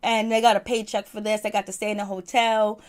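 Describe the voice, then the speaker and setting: A woman's voice: mid-range voice, flat delivery, fairly quick. A woman talking casually as she reviews a TV episode, full of fillers and repeating phrases for emphasis. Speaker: reviewer of a TV show. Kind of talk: casual commentary.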